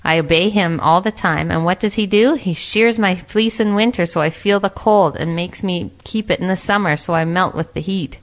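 A woman's voice: fairly low pitch, normal speed, few pauses, natural voice. A woman voicing a meek sheep in a storybook reading, complaining.

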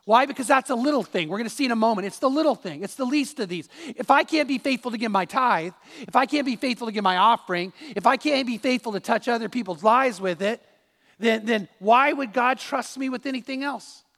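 A pastor preaches with a fairly high voice, firing rhetorical questions at his congregation. The man's voice rings out in a church sanctuary with a long trailing reverb. His delivery is emphatic and direct. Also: a little fast, a bit bright. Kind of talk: sermon.

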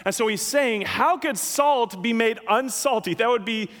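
A man preaching a sermon as pastor, emphatic and animated, with big swings in pitch and loudness. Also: normal speed, long reverb tail.

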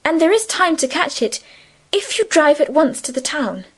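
A woman voicing a soft caring young girl friend, talks high and gentle, reassuring in an audiobook. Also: sing-song, moderate pace. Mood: tender. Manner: tender, soothing, earnest. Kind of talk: audiobook character reading.

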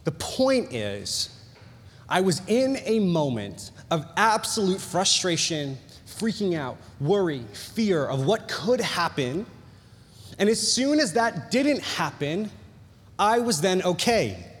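A male pastor preaching a sermon, telling a personal story with animated jokey asides and bursts of excitement. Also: high voice, slow pace. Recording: long hall reverb.

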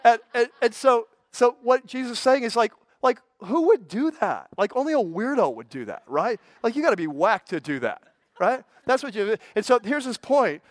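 A man's voice: extremely high pitch, sing-song, normal speed, dry recording. An older man, a pastor, preaching a sermon in a conversational way, with folksy asides and frequent stammered restarts.

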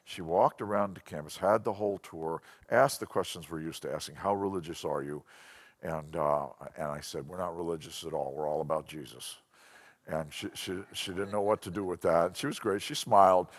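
A man with a lowish voice preaching a Bible lesson to a congregation. He tells stories with animation, circling back and repeating himself as he builds his point. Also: moderate pace. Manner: animated, storytelling with frequent restarts. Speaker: Bible teacher. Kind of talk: sermon-style Bible lesson.

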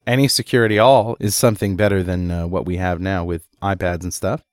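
Upbeat low-voiced man co-hosting. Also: fairly even intonation, quick pace, dry recording, clean studio sound. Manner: upbeat, counts down a list. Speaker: co-host. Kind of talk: casual podcast chat.

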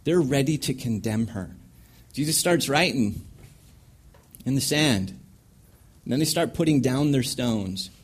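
Male Bible teacher, animated, acts out scenes, mid-pitched voice. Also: a little slow, pauses often, husky. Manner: lively, acts out scenes with sound effects. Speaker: Bible teacher leading a panel. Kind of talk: teaching talk on counseling.

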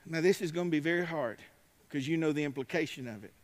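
Male preacher, high-pitched, emphatic sermon delivery, recorded in a church hall with a long reverb tail. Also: fast. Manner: emphatic, rising to shouts, drawling asides.

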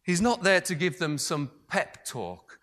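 A man preaching a sermon, moving between raised emphasis and hushed, almost whispered passages. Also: on the high side, big pitch swings, a little slow.

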